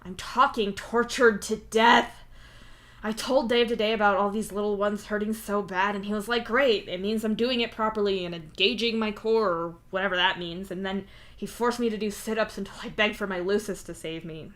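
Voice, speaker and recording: A woman's voice: medium pitch, a little fast, a bit bright, lightly acted. A woman voicing a sore, whiny male troll who complains dramatically. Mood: whining. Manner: whining, exaggerated grumbling.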